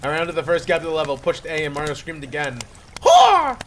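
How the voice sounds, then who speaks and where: Man, playful mock-dramatic reading of a comic horror story, slightly high voice, faint hiss behind. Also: fairly even intonation, quick pace, fairly bright tone. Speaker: creepypasta reader.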